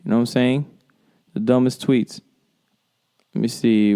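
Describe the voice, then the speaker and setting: Male sports podcast host, heated profane solo rant, smooth resonant voice. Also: mid-range voice, fairly even intonation, measured pace, mellow.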